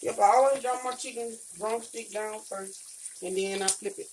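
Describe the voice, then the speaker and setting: A woman's voice: mid-range voice, steady tone, moderate pace, background noise. A woman with a Southern US accent from Mississippi, chatting casually and homey to her viewers as she cooks in her home kitchen. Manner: chatty, homey, talks straight to viewers as y'all and honey. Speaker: cooking vlogger. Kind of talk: casual cook-along chat.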